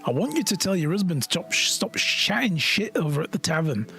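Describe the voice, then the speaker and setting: A man's voice: a little high, very animated, a little fast, creaky, sharp tone, soft background music. A man doing rowdy, joking live gameplay commentary, swearing and cheering. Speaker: game streamer.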